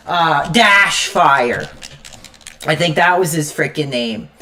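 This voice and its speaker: A woman's voice: sits low, expressive, takes it slowly, bright, forceful tone. A woman live streamer in an angry, profane rant while gaming, stammering and cursing constantly. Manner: repeats "frickin'" constantly.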